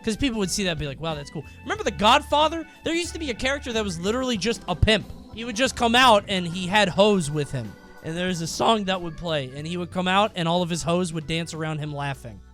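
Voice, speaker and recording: Young guy streamer with a high voice, reacting loud and animated to stories, swearing a lot, light music in back. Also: fast talker, hardly any pauses. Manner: animated, exclaiming and swearing freely. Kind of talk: casual reaction commentary.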